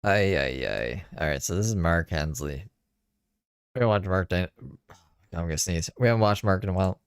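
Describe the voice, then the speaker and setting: Deep, gravelly, tired-sounding streamer. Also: male voice, fairly quick, dry recording, studio quality. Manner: laid-back, swearing, wry. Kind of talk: casual stream commentary.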